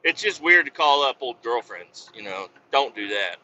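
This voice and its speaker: A man's voice: mid-range voice, lively intonation, moderate pace, bright, forceful tone, highs cut off, slight background noise. Rambling, foul-mouthed comedic man. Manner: rambling, profane, jokey. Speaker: podcast host.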